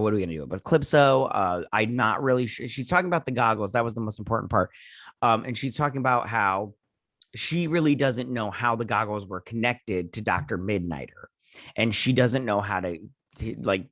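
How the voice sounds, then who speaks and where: A man with a fairly low, slightly bright voice hosts a show recapping a TV episode, recorded in clean studio sound with no room echo. His reviewing is loose and rambling, full of fillers, and he often loses track of names.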